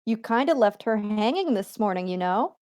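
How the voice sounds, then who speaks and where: A woman's voice: medium pitch, lively intonation, moderate pace, darkish tone, natural voice. A woman reading the lines of a friendly, knowing teenage girl club president in her own ordinary voice over an online call. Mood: teasing. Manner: read aloud in her own regular voice. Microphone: online voice call that turns garbled.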